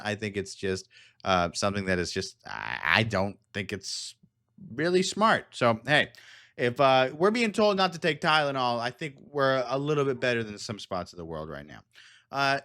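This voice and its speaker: Bright-voiced rambling man. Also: mid-range voice, clear, resonant tone. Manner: rambling, digressive, laughs often. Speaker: podcast host. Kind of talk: casual commentary monologue.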